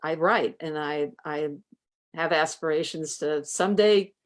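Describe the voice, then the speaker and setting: A woman's voice: low voice, measured pace. A middle-aged woman, a veterinarian, answering interview questions in a hesitant way and thinking aloud with fillers.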